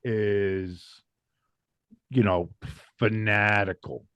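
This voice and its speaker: A man co-hosting a casual sports podcast, animated and swearing freely as he rants over a video call. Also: lowish voice, drawn-out words, clean tone, dry recording, dull audio. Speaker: podcast co-host.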